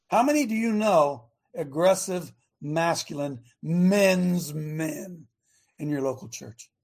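A man hosting a radio talk show, preaching in an emphatic way with rhetorical questions and drawn-out key words. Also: on the high side, darkish tone.

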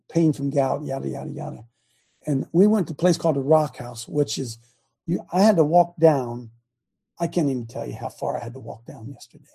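Gravelly older preacher man. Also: a little high. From Ohio. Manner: folksy, blunt, emphatic, shifts between loud and quiet. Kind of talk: sermon.

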